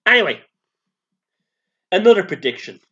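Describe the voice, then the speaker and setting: A man's voice: sits high, big pitch swings, moderate pace, bright, forceful tone, slightly rough, highs cut off, exaggerated voice. A man voicing a brash, flamboyant, foul-mouthed male showman spirit in a comic channeling sketch, talking in a camp, boastful way.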